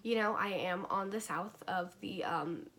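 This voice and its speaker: A woman's voice: mid-range voice, measured pace, a bit bright, a little hiss or hum. A young woman from North Carolina talking casually to the camera in a rambling, filler-heavy vlog. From North Carolina, USA. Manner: chatty, rambling, filler-heavy with frequent likes and okays. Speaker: vlogger.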